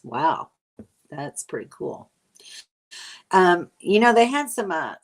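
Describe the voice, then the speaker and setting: Chatty older woman with a low voice. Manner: rambling, chatty, many fillers. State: tired from lack of sleep. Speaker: vlogger answering live chat. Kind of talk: casual live-stream chat.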